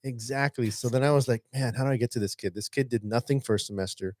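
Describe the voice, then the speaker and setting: Brief: male podcast co-host, teacher, lively storyteller, dry sound, middle pitch. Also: fast talker, dry recording. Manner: animated, acts out a student's lines. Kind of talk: casual storytelling chat.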